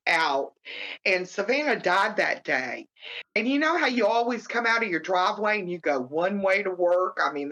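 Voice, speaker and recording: Woman telling a hard personal story. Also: fairly bright tone. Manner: halting, many fillers and restarts. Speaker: guest. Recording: muffled low-fidelity audio.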